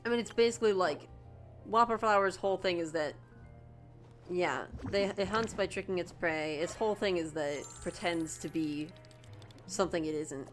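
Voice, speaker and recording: Young woman game streamer, gushing, stammering, lowish voice. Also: normal speed, soft background music. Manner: excitable, gushing, stammering fan. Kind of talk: casual game stream commentary.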